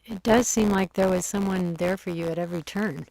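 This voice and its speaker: A woman interviewing a guest, asking measured, thoughtful questions with small restarts. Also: lowish voice, gravelly, darkish tone, dry recording.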